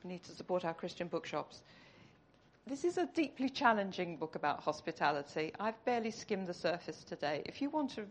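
Woman, church sermon, earnest and chatty, lowish voice. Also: big pitch swings, a little fast. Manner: earnest, conversational, tearful at the close. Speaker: church speaker.

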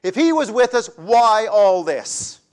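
A man's voice: high voice, expressive, normal speed, a bit bright, pitched above the performer's own voice. A preacher acting out an indignant farmer man. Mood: angry. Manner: exasperated, emphatic outbursts.

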